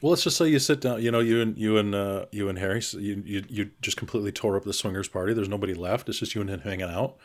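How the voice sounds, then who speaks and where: A man with a fairly low voice joking crudely and teasing the others on a casual podcast. He swears freely as he talks. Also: quick pace, few pauses. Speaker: podcast co-host.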